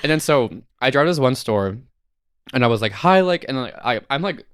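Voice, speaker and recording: A man's voice: mid-range voice, animated, brisk, clean tone, no echo, clean studio sound. A young man in his twenties co-hosting a podcast, telling a long rambling story in casual chat, full of "like" and swearing. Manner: rambling storyteller, heavy use of "like", swears freely. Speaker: podcast co-host.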